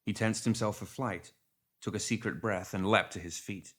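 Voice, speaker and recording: A man reading a fantasy story aloud as audiobook narrator, with expressive storytelling. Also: fairly low pitch, moderate pace. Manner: expressive storytelling, lively intonation. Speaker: audiobook reader. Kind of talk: scripted narration.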